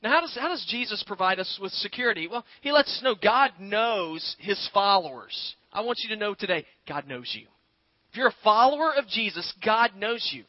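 High-voiced man preaching a conversational sermon. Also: lively intonation, brisk, hardly any pauses, no echo, dull audio. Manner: conversational preaching, addresses listeners as "guys" and "y'all". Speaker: pastor.

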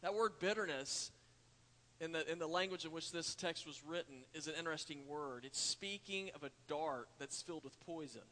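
A man's voice: a little high, normal speed, bright, forceful tone. A man preaching a sermon, telling a folksy story and talking to the congregation as y'all. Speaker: pastor. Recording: church hall reverb.

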